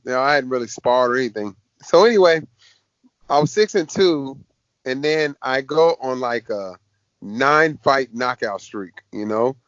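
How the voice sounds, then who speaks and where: A man, a fighter being interviewed, telling stories in a casual, lively way. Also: mid-range voice, no echo. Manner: lively storyteller, acts out quoted voices. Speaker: MMA fighter guest. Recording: dull dry podcast audio.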